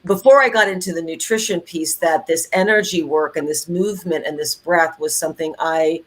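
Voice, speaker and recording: A middle-aged woman co-hosting a podcast, chatting in an animated way with many fillers and restarts. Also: low voice, normal speed. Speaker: podcast co-host. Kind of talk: casual conversational podcast chat.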